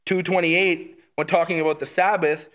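A man leads a Bible teaching in a relaxed, conversational tone, with a voice sitting a little high for a man. He sounds eager and keeps checking in with his listeners as he walks through passages. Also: moderate pace. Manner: enthusiastic, often checks in with "right?".

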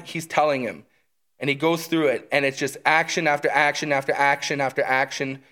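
A man leads a Bible teaching in a relaxed, conversational tone, with a voice sitting a little high for a man. He sounds eager and keeps checking in with his listeners as he walks through passages. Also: brisk. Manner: enthusiastic, often checks in with "right?".

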